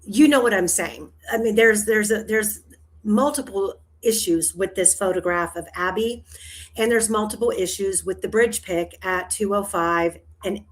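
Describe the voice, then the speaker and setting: A woman hosts a casual livestream chat, rambling through her thoughts, trailing off, restarting often, and laughing a lot. Her voice is medium-pitched at a normal speed.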